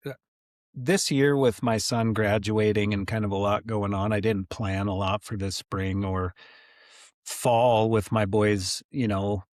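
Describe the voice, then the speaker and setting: A man in his forties telling stories as a podcast guest, animated and full of casual fillers. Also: fairly low pitch, no echo, studio quality. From United States. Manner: animated, many fillers like "like" and "you know". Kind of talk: casual storytelling.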